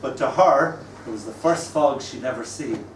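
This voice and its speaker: A man in his sixties hosting an open mic and reading his poems with wistful, gentle humour. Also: medium pitch, normal speed, slight background noise. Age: 60s. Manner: wistful, gently humorous storytelling. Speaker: poet and open mic host. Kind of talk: live poetry reading. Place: live open mic venue. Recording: roomy room, distant mic, faint ambience.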